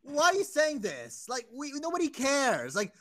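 A man's voice: very high-pitched, huge pitch swings, normal speed, a crowd in the background. A nineteen-year-old man on a casual podcast, mocking and ranting with heavy swearing. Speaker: podcast regular. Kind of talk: casual chat.

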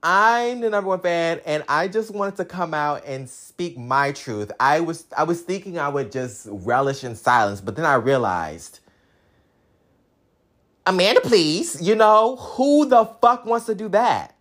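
A young adult woman with a deep, slightly slow and somewhat bright voice swings widely in pitch. She's a fan doing a sassy, combative comic rant to camera, profanely bragging that she's the top fan.

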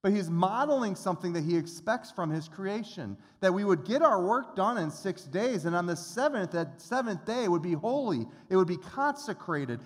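Man, middle-aged, pastor, earnest conversational sermon, somewhat high-pitched, echoing church hall. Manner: earnest, conversational preaching with repeated restarts. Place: church sanctuary. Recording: long reverb of a church hall.

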